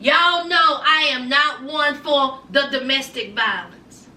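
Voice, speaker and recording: Sassy woman, very high voice, slow delivery, dramatic reality-show recap, echoey room, mic at a distance. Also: sharp tone. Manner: sassy, dramatic, addresses viewers directly.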